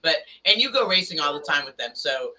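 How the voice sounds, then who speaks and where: A man hosting a casual motorcycle talk show, enthusiastic and quick to act out quoted people. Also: a little high, very animated, sharp tone, slight background noise. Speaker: host. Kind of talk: casual chat. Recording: somewhat distant from the mic.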